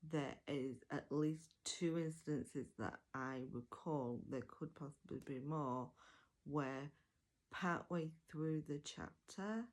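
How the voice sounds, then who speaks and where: A woman giving a casual, chatty audiobook review, enthusiastic and full of fillers and self-corrections. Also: low-pitched.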